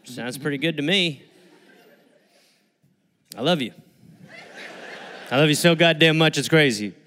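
A man's voice: on the high side, unhurried. A man co-hosting a live comedy podcast, joking around in improvised bits on stage. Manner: animated, jokey, swings between loud and whispered. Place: live theater stage before an audience.

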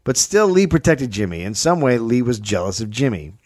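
A man with a medium-pitched voice who tells a history story for a comedy podcast. He keeps it dry and matter-of-fact, dropping in wry asides along the way. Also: very animated, a little fast.

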